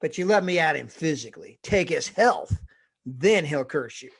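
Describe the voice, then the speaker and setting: A man's voice: a little high, lively intonation, moderate pace, vocal fry, husky, full character voice. A man voicing a sly devil who goads and bargains. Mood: goading. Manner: sly, goading. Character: sly scheming devil, wagering.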